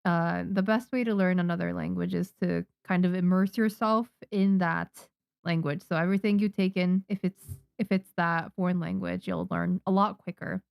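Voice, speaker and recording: A woman from Japan, a native Japanese speaker, chatting casually with her live-stream viewers while she draws manga, excitable and quick to laugh. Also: lowish voice, gravelly, smooth, no room sound, muffled recording.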